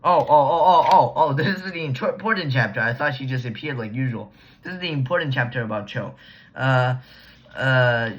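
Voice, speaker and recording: A man's voice: mid-range voice, a bit bright. A man casually recapping a book he read, using slang, restarting sentences and trailing off. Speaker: book reviewer. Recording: dull lo-fi recording.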